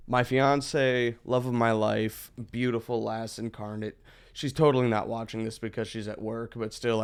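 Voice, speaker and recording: A man's voice: medium pitch, creaky, clear, resonant tone. A man in his thirties chatting casually as he streams a game, rambling with profane asides.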